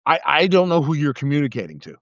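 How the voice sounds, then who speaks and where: A man's voice: a little high, sing-song, fast, a bit bright, no room sound. Profane, heated man ranting on a live stream. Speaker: live video streamer, former military investigator. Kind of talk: angry political rant. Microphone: phone or webcam mic. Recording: dry, slightly muffled live stream audio.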